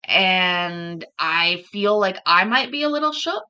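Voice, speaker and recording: A woman's voice: on the low side, lively intonation, takes it slowly, bright, forceful tone, clear, resonant tone, dull audio. A woman hosting a livestream, chatting casually and rambling, often laughing between thoughts. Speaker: livestream host.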